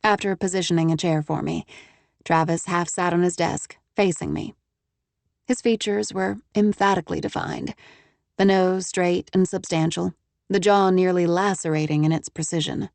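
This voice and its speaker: Low-voiced woman narrating a romance novel. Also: fairly even intonation, normal speed, vocal fry, a little mellow, no echo. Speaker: audiobook narrator.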